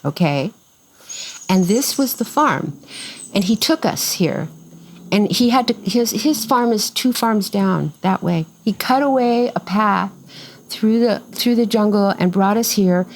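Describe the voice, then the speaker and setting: A woman's voice: mid-range voice, a little slow, rough recording. An older woman, cofounder of a farm, telling a story in a casual interview and acting out the voices of the people in it. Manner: animated storyteller who acts out quoted voices.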